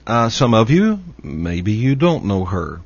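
A man with a Texas drawl hosts a talk show, his voice sitting a little low. He talks unhurriedly and fills gaps with frequent "uh"s. The audio is dull and lo-fi. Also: sing-song, gravelly, slightly rough, dry recording. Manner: slow, halting, with many "uh" fillers. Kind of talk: radio talk show interview.

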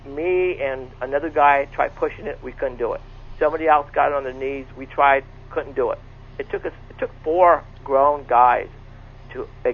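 A middle-aged man with a medium-pitched, creaky, slightly rough voice earnestly recounts a personal encounter. He often repeats himself and restarts sentences. The audio comes over a tinny phone line with faint noise.

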